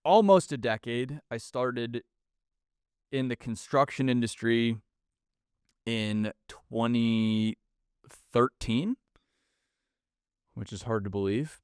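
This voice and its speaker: A man's voice: mid-range voice, clear, resonant tone, no room sound, studio quality. Blunt sarcastic male podcast host. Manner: blunt and sarcastic, mocking corporate speak. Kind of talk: solo podcast monologue.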